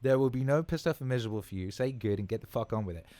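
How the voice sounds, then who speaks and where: A man's voice: mid-range voice, lively intonation, rapid-fire, mellow, no echo, lightly acted. A man imitating a stern, no-excuses male military motivator with a blunt, commanding delivery.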